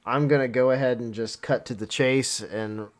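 A man hosting a podcast who is tired and sick with a cold, laughing often in chat and reading a prayer slowly and solemnly. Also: mid-range voice, fairly even intonation. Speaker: podcast host.

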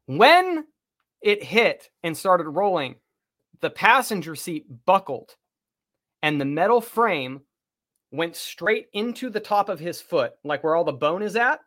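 A man telling a story in casual chat, animated, swearing freely and acting out what people said. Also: sits high, unhurried. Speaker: podcast guest telling a story.

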